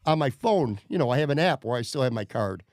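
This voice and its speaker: Talking fast in an animated, mid-range voice, a podcast host rants through a story, cursing and worked up. The recording is dry and of studio quality.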